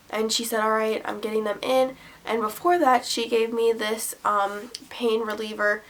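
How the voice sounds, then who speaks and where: Young woman, storytime vlogger, chatty and rambling, fairly high voice. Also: fairly bright tone. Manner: chatty, rambling with many fillers and asides. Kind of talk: storytime vlog.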